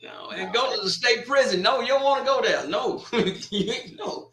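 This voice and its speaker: Joking man with a bright, high voice. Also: normal speed, reverberant. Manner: joking, laid-back, trailing restarts. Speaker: co-host. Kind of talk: casual sports chat.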